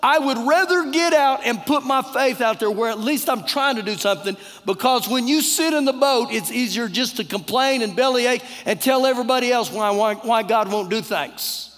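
A man's voice: extremely high pitch, normal speed, hardly any pauses, fairly bright tone, faint music behind. A man with a Texan accent, a pastor preaching an earnest, conversational sermon with repeated phrases. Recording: long church-hall reverb.

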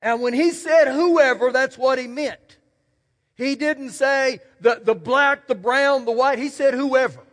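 A man's voice: very high-pitched, a little slow, fairly bright tone. A man preaching a sermon as pastor, folksy and emphatic, telling stories and repeating key words. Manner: folksy, storytelling, emphatic repetition. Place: church sanctuary. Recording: long church hall reverb.

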